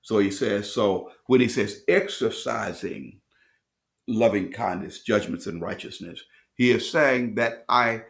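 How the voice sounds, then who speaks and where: A man teaching as pastor at a midweek bible study, reading scripture slowly and restating phrases as he explains. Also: lowish voice, vocal fry. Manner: preacherly, repeats and restates phrases; reads scripture slowly with rising emphasis.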